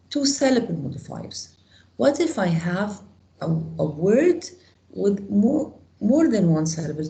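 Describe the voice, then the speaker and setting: A woman's voice: on the low side, vocal fry, mellow, reverberant, low-quality recording. A woman teaching an English grammar lesson to a class, explaining step by step and asking the students questions.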